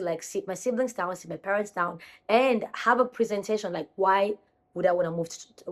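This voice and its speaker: A young woman from Kenya chatting casually into her phone camera at home, rambling and correcting herself as she talks to her viewers. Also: medium pitch. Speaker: vlogger.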